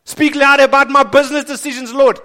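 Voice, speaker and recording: A man acting out a desperate believer who loudly pleads for God to speak up. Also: extremely high pitch, little pitch movement, fast, pitched above the performer's own voice. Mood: pleading. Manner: loud, pleading.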